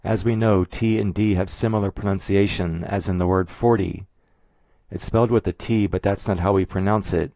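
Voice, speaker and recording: Male narrator for an explainer: deep voice, dry close-mic sound, measured and methodical. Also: fairly even intonation, warm tone, no echo. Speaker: video essayist.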